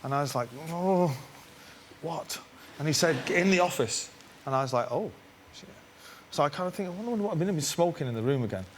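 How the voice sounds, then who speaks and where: A man from England telling a wry anecdote as a chat show guest in a relaxed, understated way. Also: on the high side, fast. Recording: noisy background behind the voice.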